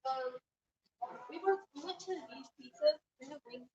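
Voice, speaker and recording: A woman's voice: high-pitched, normal speed, a little mellow, dull audio. A woman in a home kitchen hesitantly recounting her evening in casual chat, with restarts along the way.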